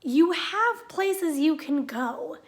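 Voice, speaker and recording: A woman's voice: sits high, lively intonation, extremely slow. A woman vlogger ranting in a sarcastic, exasperated way to her viewers. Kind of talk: ranting vlog monologue.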